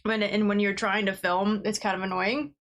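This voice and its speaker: A woman's voice: mid-range voice, level tone, normal speed, fairly bright tone. A woman gaming livestreamer chatting casually at her desk, talking bluntly and swearing freely while she plays.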